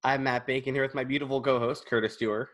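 A man's voice: medium pitch, steady tone, fast, a bit bright. A man with a lisp hosting a casual podcast chat, who rambles a little and restarts his sentences. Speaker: podcast host.

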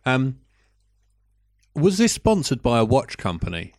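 A man talks through a film review in a relaxed podcast chat. His voice sits at a middling pitch and sounds close and dry, with no room behind it. He speaks deliberately, often pausing on an um before a wry point. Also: dry recording. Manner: dry, deliberate, with many ums and pauses. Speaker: podcast co-host.

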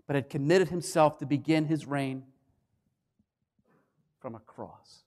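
A man preaching a sermon, swinging between loud declarations and hushed, quiet lines. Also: on the high side, measured pace, long pauses. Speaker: pastor.

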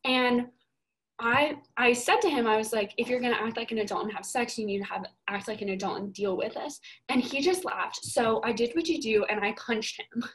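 A young woman co-hosting a casual podcast with a slightly high voice. She tells her story with emphatic energy and plenty of swearing. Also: fairly quick, low-quality recording. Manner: animated, profane, emphatic storytelling. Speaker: podcast co-host.

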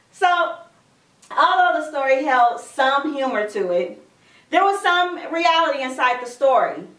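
High-voiced woman preaching, slow and echoey. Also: very animated, fairly bright tone. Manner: repeats phrases for emphasis. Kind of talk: sermon. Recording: echoey room from a distance.

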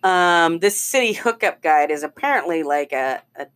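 A woman's voice: fairly low pitch, expressive, moderate pace, fairly bright tone. A woman co-hosting a casual talk show, chatting loosely, laughing and swearing freely. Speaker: podcast co-host. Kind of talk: casual chat.

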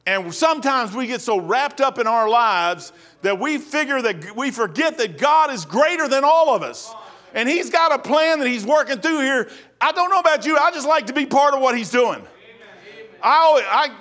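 A man's voice: very high-pitched, lively intonation, normal speed, fairly bright tone. A man preaching a sermon in a folksy, rambling storytelling manner, acting out the voices of the people in his stories.

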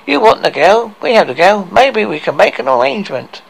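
A man's voice: high voice, big pitch swings, brisk, vocal fry, slightly rough, pitched above the performer's own voice, exaggerated voice, rough recording. A man voicing a scheming male dwarf trickster in an improvised story, sly and bargaining.

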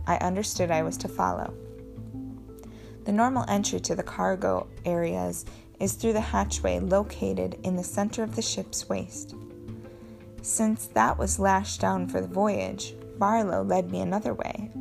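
A woman reads a novel aloud in the first person with an even storytelling pace. Her voice carries a strong gravelly rasp at a middle pitch. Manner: steady storytelling. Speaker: audiobook reader.

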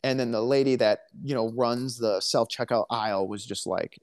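A man's voice: mid-range voice, little pitch movement, fairly quick, few pauses. A man co-hosting a casual podcast, telling stories in a chatty, dry, joking way. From Alabama, US. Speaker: podcast co-host. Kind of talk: casual chat.

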